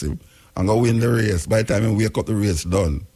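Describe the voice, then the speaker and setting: Husky Jamaican man musing on air. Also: lowish voice, fairly quick, darkish tone. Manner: rhetorical questions, repetition, speaks in patois. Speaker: radio talk show host. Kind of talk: spoken commentary on a radio talk show.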